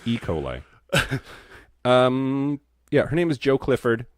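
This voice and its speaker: A male podcast co-host in casual chat, wry and deadpan, swearing freely. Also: mid-range voice, takes it slowly, no echo, studio quality.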